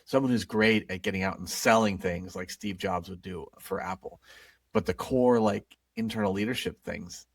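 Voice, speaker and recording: A man's voice: deep voice, moderate pace, dry recording, far from the mic. A man co-hosting a casual business podcast, chatting easily with his co-host. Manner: conversational, reads a jokey outro in mock consultant speak.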